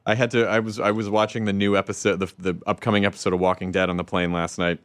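A man from the American South hosting a casual chat, playful and quick to laugh. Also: sits low, little pitch movement, no room sound. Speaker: host.

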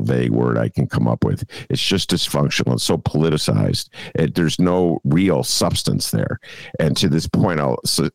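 A man's voice: a bass voice, gravelly, no echo. A man hosting a political podcast, talking in a wry, exasperated casual way with lots of fillers. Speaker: podcast host.

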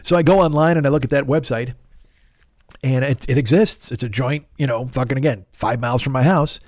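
A man's voice: medium pitch, brisk, a little mellow, dry recording, clean studio sound. Man rambling through a profane story. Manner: profane, rambling, self-deprecating. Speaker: podcast host. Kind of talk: casual storytelling monologue.

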